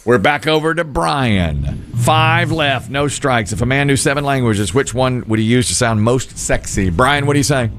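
A man hosting a game on a radio show, with quick announcer patter and the question repeated again and again. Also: mid-range voice, expressive, noisy background.

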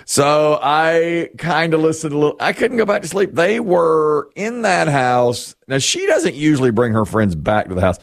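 A man's voice: moderate pace, gravelly, hardly any pauses. A middle-aged man chatting casually on a talk show, rambling through a self-deprecating story about his family. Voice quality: animated, lively pitch swings. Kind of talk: casual morning-show chat.

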